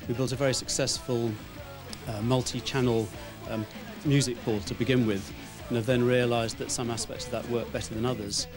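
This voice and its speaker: A man interviewed about his business, measured and a little hesitant. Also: medium pitch, steady tone, over music.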